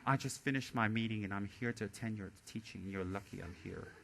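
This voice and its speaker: A man voicing an arrogant student who talks down in a quiet, condescending drawl. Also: fairly low pitch, a little fast, creaky, slight background noise, voice pushed down. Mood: smug. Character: arrogant, haughty student, low and dismissive.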